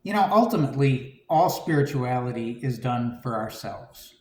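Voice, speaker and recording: A man giving a conversational homily, relaxed and reflective, with frequent "you know" and "um". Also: medium pitch, normal speed, roomy sound. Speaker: preacher.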